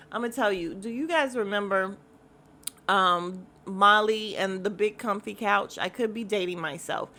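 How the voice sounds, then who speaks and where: A woman hosting a podcast in casual chat, blunt and profane, talking to her listeners about a reality show in an animated way. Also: mid-range voice. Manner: animated, mimics voices of others in quotes.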